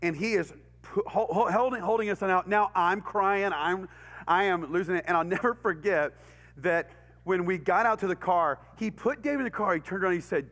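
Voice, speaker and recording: A middle-aged Texan pastor tells a story during a sermon in a church hall, animated and laughing often as he acts out voices and sound effects. His voice is high and his pace brisk. The hall's reverb is clearly audible in the recording.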